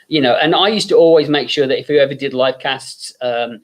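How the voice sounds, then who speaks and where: A man's voice: medium pitch, brisk. An English man, a guest makeup effects artist, telling long rambling anecdotes full of fillers and acted-out quotes.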